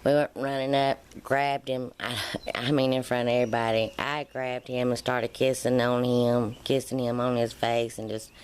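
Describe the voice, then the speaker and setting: A woman's voice: extremely low pitch, normal speed, smooth. A middle-aged woman, vlogging in a casual storytelling way and acting out the dialogue as she tells it. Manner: animated, acts out quoted dialogue.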